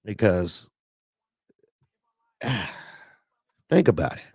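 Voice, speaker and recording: Man, gravelly voice, dry close sound, casual trucker show host, emphatic, repeats himself. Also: medium pitch, expressive, normal speed, a little mellow, dry recording. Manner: emphatic, folksy, repeats phrases for effect. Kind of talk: casual live-stream talk.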